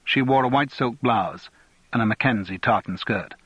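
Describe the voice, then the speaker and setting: A man narrates an audiobook in a measured, even storytelling manner. His mid-range voice has a breathy edge, and the recording is dry and lo-fi.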